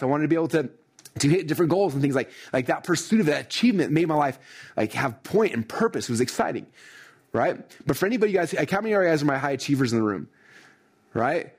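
Husky middle-aged guy coaching a room full of people, talks super fast, keeps tossing in "right?" and "like". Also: fairly high pitch. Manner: energetic, leans on "right?" and "like". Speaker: success coach. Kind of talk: motivational training talk. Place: room with a live audience.

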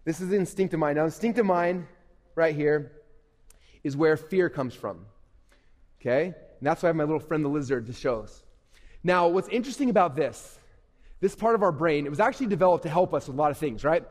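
A middle-aged man gives a lively stage talk to a young audience, rattling along quickly in a fairly high voice. He keeps asking the crowd questions and slips into little acted inner voices. The sound rings with the long reverb of a large hall. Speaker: speaker at a youth event. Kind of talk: energetic stage talk to kids.

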